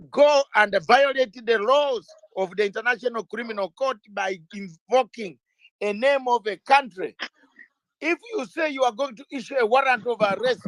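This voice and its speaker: A man with a high, tenor-ish voice talks politics in an impassioned, emphatic way. He drives home his points with hammering rhetorical questions and at times breaks into a shout. The sound is close and dry, with almost no room around it. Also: no room sound, low-quality recording. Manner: repeats words when starting out. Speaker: interview guest, lawyer.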